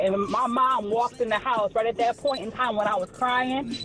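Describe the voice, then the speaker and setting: Lady telling wild stories on a stream, cussing a lot, kinda high voice, music going in the back. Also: normal speed, low-quality recording. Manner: profane, animated storytelling with laughter. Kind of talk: casual storytelling chat. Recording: music playing in background.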